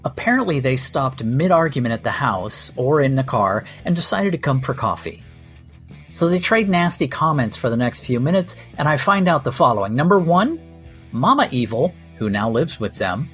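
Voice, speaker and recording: A man's voice: mid-range voice, very animated, moderate pace, a bit bright, soft background music. A man hosting a podcast, telling a comic story in a wry, sardonic and profane way. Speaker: podcast host. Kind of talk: comedic storytelling monologue.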